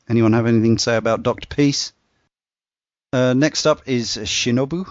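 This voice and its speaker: A man in a casual podcast discussion, talking in a relaxed, rambling way with lots of "uh" fillers. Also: medium pitch, no room sound, muffled recording. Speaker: podcast panelist walking through game bosses.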